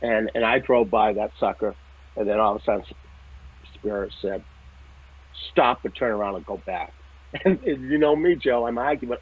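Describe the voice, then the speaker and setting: Animated New man on a tinny line. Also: lowish voice, normal speed, husky, dry recording. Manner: animated, swears casually, laughs often, repeats "right?" and "okay?". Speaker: psychic medium guest telling a story. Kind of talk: casual storytelling.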